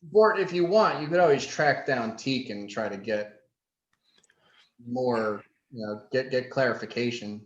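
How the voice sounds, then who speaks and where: Brief: male game master, laid-back narration, echoey room, dull lo-fi sound. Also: mid-range voice. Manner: unhurried, filler-laden scene narration.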